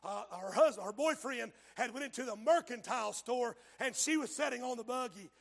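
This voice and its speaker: Male preacher, raspy fry, fiery hushed-to-shouting sermon. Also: very high-pitched, fairly quick. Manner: fervent, dramatic preaching that swings from hushed to shouted.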